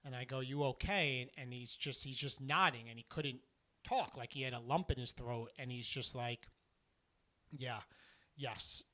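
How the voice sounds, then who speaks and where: A middle-aged man speaking as a motivational keynote speaker on a podcast. His voice is bright and forceful and sits at a middle pitch. He talks earnestly and with emphasis, softening when he recounts moments with audience members. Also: moderate pace.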